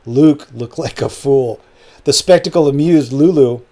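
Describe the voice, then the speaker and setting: A male audiobook narrator who tells the story in a steady, matter-of-fact manner. His voice sits at a middle pitch with a mellow, relaxed tone. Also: unhurried. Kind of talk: scripted narration.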